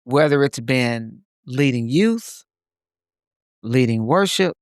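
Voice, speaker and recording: A man's voice: mid-range voice, animated, slow, smooth, no echo. Emphatic man, dry close sound. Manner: emphatic, repeats phrases for stress. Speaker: podcast co-host. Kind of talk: reflective casual conversation.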